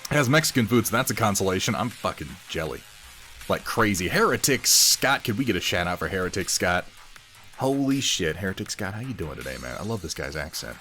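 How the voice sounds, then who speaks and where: His voice sits low, with a sharp tone, and he speaks fairly quickly and with plenty of animation. He's streaming live as he paints, rambling casually, teasing himself, and calling out viewers' names from chat over faint background music.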